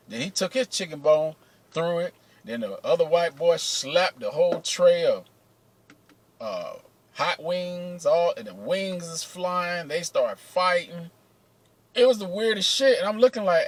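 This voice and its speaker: A man casually telling profane, animated stories about his days working security, acting out what people said. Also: fairly high pitch, unhurried, no echo, poor audio. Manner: profane, animated, acts out quotes. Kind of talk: casual storytelling.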